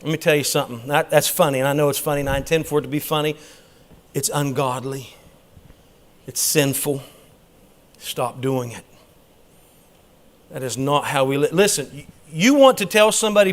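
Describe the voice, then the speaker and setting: A man teaching a church Bible class in a preaching style, emphatic and dropping quick humorous asides. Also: on the high side.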